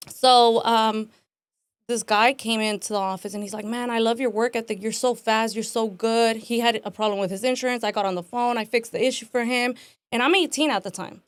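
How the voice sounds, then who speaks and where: A woman in her twenties with a somewhat high voice tells her own story as a podcast guest. She talks casually, acts out what people said, and fills her speech with "like" and "man." The sound is dry and close. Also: brisk, smooth, no echo. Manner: animated, acts out quotes, frequent "like" and "man".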